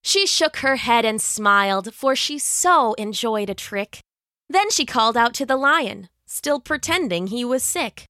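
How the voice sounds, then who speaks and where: A woman narrating a rhyming children's story in an expressive, sing-song way. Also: fairly high pitch, unhurried, dry recording, studio quality.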